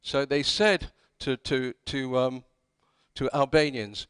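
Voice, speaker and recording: A man's voice: medium pitch, fairly even intonation, slow pace, fairly bright tone, clear, resonant tone, no echo. A man giving a conference talk, telling history as wry anecdotes and acting out the quoted dialogue. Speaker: conference speaker. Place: conference hall.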